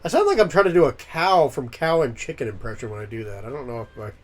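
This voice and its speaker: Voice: mid-range voice, big pitch swings, fast talker. A game streamer giving casual let's-play commentary, chatty and laughing at their own voices.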